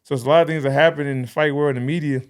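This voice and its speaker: A man in his thirties, a podcast guest in casual conversation, telling animated stories and acting out quoted dialogue. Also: a little high, rapid-fire, clean tone. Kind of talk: casual interview chat.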